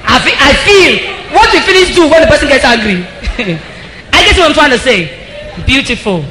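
A woman preacher giving a lively sermon, calling out to the congregation and laughing often. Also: high-pitched, moderate pace, echoey room, noisy background. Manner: lively, laughing, calls out to the crowd. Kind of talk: sermon on marriage.

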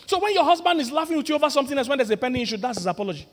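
A male pastor, preaching a lively, humorous sermon that builds to loud emphatic points. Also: extremely high pitch, racing, few pauses. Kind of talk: sermon on marriage. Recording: long reverb of a large hall.

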